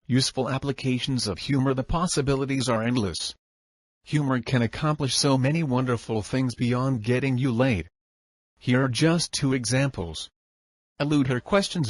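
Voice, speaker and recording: Male audiobook narrator, mid-pitched voice, steady instructive delivery, dry close-mic sound. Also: no echo. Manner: even, instructive reading.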